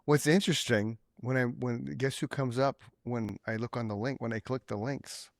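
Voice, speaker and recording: A man's voice: mid-range voice, fairly even intonation, moderate pace, no room sound. A male podcast host chatting casually with a band. He talks with eager enthusiasm and often repeats words as he gathers his thoughts. His voice sounds close and dry. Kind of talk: casual chat.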